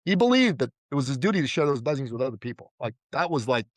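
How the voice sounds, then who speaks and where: A man's voice: mid-range voice, big pitch swings, fast talker, no echo. A man from Iran, a podcast guest and entrepreneur, telling stories in casual interview talk. He acts out the people he quotes and often says "like" and "right?".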